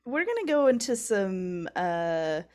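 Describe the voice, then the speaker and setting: A woman's voice: mid-range voice, sing-song, slow pace, darkish tone. A woman co-hosting a podcast, explaining topics in a loose, rambling way with lots of fillers. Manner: rambling, many fillers and giggles. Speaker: podcast co-host. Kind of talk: casual chat.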